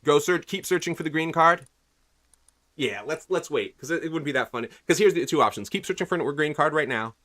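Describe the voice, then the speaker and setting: A man's voice: on the high side, lively intonation, fairly quick, a bit bright. A man streaming a video game, rambling casually and asking his viewers what they think. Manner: rambling, chatty, asks viewers questions. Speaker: livestreamer. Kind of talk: casual gaming commentary.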